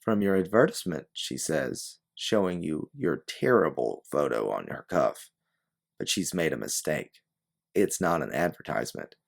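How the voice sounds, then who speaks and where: Male audiobook narrator, very deep, gravelly, animated delivery. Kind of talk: scripted second-person narration.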